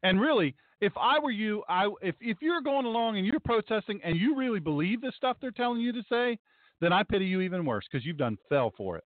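Brief: emphatic, sarcastic male pastor-host, high lively voice, tinny phone-like audio. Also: brisk, no room sound. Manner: sarcastic, emphatic, repeats phrases. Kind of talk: sarcastic commentary talk show. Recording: dry, tinny phone-like sound.

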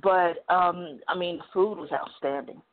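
A woman's voice: fairly low pitch, a little slow. Midwest-raised woman hosting a call-in talk show; rambling, filler-heavy storyteller; thin phone-quality audio. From Midwest United States. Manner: chatty, digressive, many "you know" fillers. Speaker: talk radio host. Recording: phone-like narrow band.

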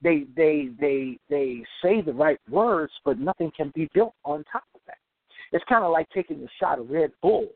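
An emphatic man gives a motivational talk, his voice swinging widely in pitch with a gravelly edge. He slows down to repeat key phrases. The sound is dry and tinny, like a phone line. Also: expressive, no room sound. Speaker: podcast host and self-improvement speaker.

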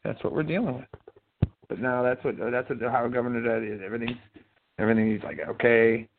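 A man's voice: mid-range voice, fairly quick, creaky, a little hiss or hum. A man co-hosting a casual call-in show, explaining things in an easygoing, rambling way. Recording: tinny phone-like audio.

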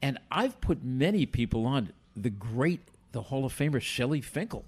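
An older man, a former boxing commissioner, telling an animated anecdote as a podcast guest. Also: medium pitch, moderate pace, slightly rough. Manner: animated, theatrical storyteller.

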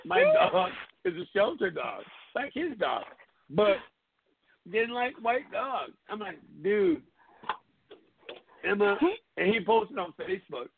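A man hosting a call-in tribute show, telling stories in a casual, animated way, swearing often and acting out his friends' lines. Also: high voice, slow, creaky, long pauses. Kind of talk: casual storytelling chat. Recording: phone-line audio with hiss.

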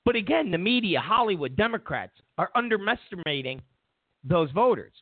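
A man's voice: sits high, big pitch swings, normal speed, dry recording. Heated, mocking man on a tinny line. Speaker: talk show host. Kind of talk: ranting political monologue. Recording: tinny phone-like sound.

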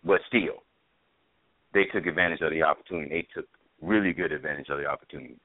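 A man co-hosting a casual sports talk podcast, halting and hesitant at first. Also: very deep voice, no echo. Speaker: podcast co-host. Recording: tinny phone-line sound, dry.

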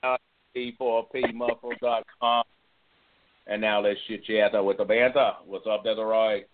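A man's voice: fairly low pitch, flat delivery, moderate pace, no echo. A man co-hosting an internet radio talk show, joking and bantering with his co-host. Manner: jokey, goofy greetings. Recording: dry phone-line audio.

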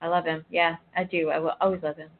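A woman's voice: sits low, flat delivery, fast. A woman telling a personal faith story in casual chat, emotional and rambling with frequent restarts. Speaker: guest sharing a personal story. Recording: tinny phone line.

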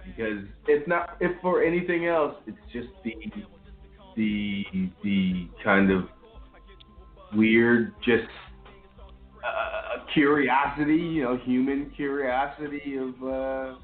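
A man's voice: medium pitch, expressive, takes it slowly. A man co-hosting a podcast, talking in a rambling, profane, casual way with frequent restarts. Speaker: podcast co-host. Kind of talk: casual chat. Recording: echoey, phone-like line with faint music.

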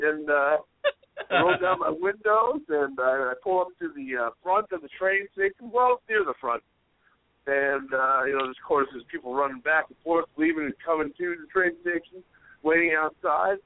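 A young man co-hosting a podcast, telling rambling stories in an animated way and yelling the quoted lines. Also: on the high side, normal speed, dry recording. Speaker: podcast co-host. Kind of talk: casual storytelling chat. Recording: dry, tinny phone-like audio.

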